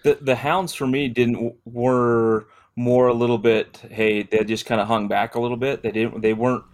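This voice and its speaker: A man's voice: medium pitch, steady tone, moderate pace, hardly any pauses. A man talking casually as a podcast guest, a dog trainer, rambling and laughing often. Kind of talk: casual chat.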